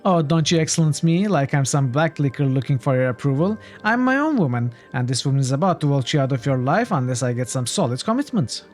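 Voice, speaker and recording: A man's voice: medium pitch, expressive, fast talker, hardly any pauses, soft background music, close to an everyday voice. A man voicing a timid, sweet-natured young woman in a role-playing game, with a meek, apologetic manner. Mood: mock scolding.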